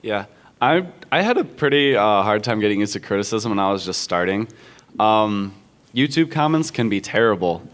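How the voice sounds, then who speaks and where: A young man giving casual advice on a convention panel, relaxed and chatty with frequent fillers. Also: on the low side, moderate pace.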